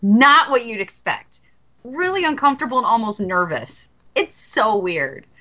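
A woman's voice: fairly high pitch, lively intonation, a little slow, pushed and bright, lo-fi sound. A woman in her thirties chatting candidly as a podcast co-host, joking and restarting her sentences. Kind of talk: casual podcast chat.

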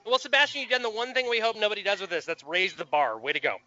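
A man's voice: high-pitched, bright, forceful tone, dry recording, dull audio. A man hosting a podcast, chatting casually and explaining a quiz game in an upbeat way. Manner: quick, upbeat, explains rules. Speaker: podcast host.

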